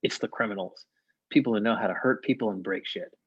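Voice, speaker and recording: A man reading a cynical young male homeless veteran, husky, in a streetwise, sneering way. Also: fairly low pitch, fast talker, no echo, dull audio, pitched below the performer's own voice.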